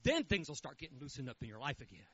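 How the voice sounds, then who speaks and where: A man preaching a sermon, telling a story in a folksy, animated way. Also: mid-range voice, very fast, slightly rough, dull audio. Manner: animated, folksy, with quoted voices.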